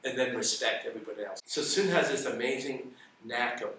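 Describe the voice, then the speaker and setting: A man's voice: medium pitch, a little fast. A man telling stories in a casual interview, acting out the dialogue as he goes. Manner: animated, acts out quoted dialogue. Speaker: interview guest. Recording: echoey room, distant mic, faint noise.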